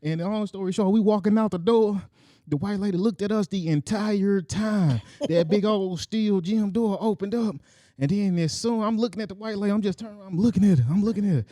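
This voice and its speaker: A man on a podcast telling a childhood story in casual storytelling style, animated and acting out quotes with sound effects. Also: sits high, a little fast, no echo, studio quality.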